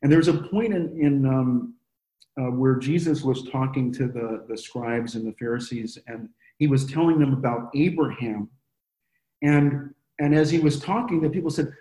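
A man's voice: fairly high pitch, a little slow, mellow. A man leading a Bible study in an earnest, conversational way, stopping and restarting often as he explains. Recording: roomy echo.

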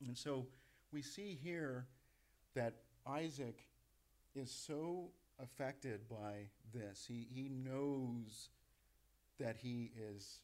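A man teaching a Bible sermon in a conversational way, with frequent restarts and soft laughs. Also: medium pitch, drawn-out words. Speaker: preacher.

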